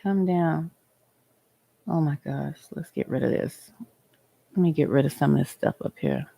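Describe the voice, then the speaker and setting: A woman's voice: sits low, moderate pace, gravelly, warm tone. A woman hosting an outdoor livestream, chatting and preaching straight to her viewers. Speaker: livestream host. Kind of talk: casual livestream chat and teaching.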